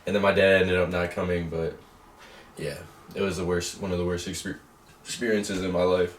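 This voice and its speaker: A young man telling a story in casual chat, rambling and animated with lots of fillers. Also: deep voice, fairly quick, slight background noise. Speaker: co-host. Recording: roomy echo, mic at a distance.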